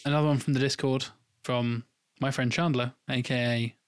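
A man's voice: medium pitch, steady tone, normal speed, clear, resonant tone, no room sound. Dry-witted man, close dry sound. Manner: dry, wry remarks. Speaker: podcast co-host. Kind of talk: casual chat.

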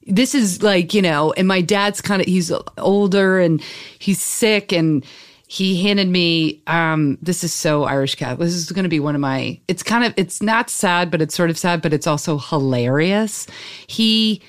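Lady comic guest, low-ish voice, chatty and all over the place with her stories. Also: normal speed. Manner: animated rambling storyteller, many fillers. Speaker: comedian guest. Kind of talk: casual interview chat.

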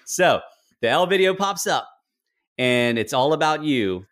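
A man's voice: a little high, expressive, a little slow, a bit bright. A man from the United States hosting a podcast, chatty and playful with his guest. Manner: playful, chatty, laughs easily. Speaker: podcast host. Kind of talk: casual podcast interview.

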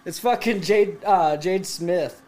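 A man in his late twenties telling a profane story to friends, animated and laughing as he goes. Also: high-pitched, slow, heavy background noise. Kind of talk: casual storytelling among friends.

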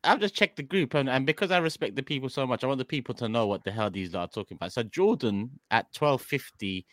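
A man's voice: mid-range voice, expressive, fast, a bit bright, dry recording, clean studio sound. A man hosting a football podcast in casual chat, arguing his point and repeating questions insistently. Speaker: podcast host.

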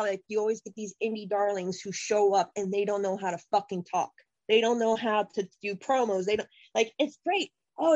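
A woman's voice: a little high, no room sound, low-quality recording. A woman on a podcast going on a profane, impassioned rant about wrestling. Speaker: podcast co-host.

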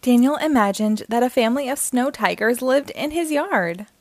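A woman hosting a read-aloud for children, narrating in a bright, expressive way. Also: fairly high pitch, normal speed, dry recording. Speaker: storyteller host.

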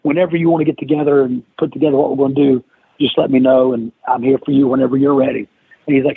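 A man's voice: medium pitch, quick pace, gravelly, slightly rough, dry recording. A man, a guest on an interview podcast, telling a long story and acting out the quoted lines of the people in it. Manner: animated storyteller who acts out quoted lines. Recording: dry, tinny phone-like line.

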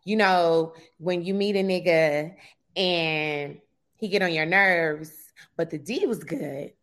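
A woman's voice: lowish voice, slow pace, fairly bright tone. A woman guest in a casual interview, candid and blunt, laughing easily.

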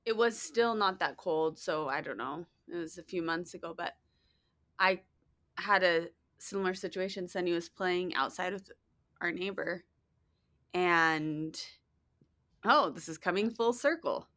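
A woman's voice: lowish voice, a little slow, fairly bright tone. A woman co-hosting a casual chat show, telling a story in a rambling way with many fillers. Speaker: podcast co-host.

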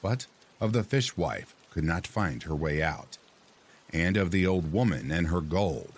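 A man narrating a folk tale in a measured, expressive reading. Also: low-pitched, husky. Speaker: storyteller. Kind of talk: scripted storybook narration.

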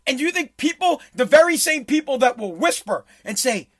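A man's voice: very high voice, big pitch swings, a little fast. A man who owns a small business, ranting sarcastically and profanely about politics while playing clips. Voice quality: blunt, sarcastic, swears freely. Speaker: commentator, small business owner. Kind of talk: profane political rant over video clips.

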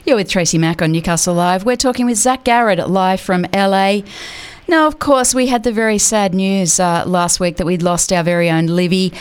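A woman's voice: mid-range voice, normal speed, smooth. A woman in her forties hosting a radio interview, friendly and conversational. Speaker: radio host.

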